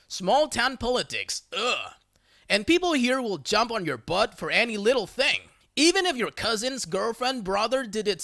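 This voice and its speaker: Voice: medium pitch, bright, forceful tone, dry recording, clean studio sound. A text-to-speech voice reading online stories aloud, spelling out abbreviations letter by letter. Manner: synthetic, reads abbreviations letter by letter. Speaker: narrator.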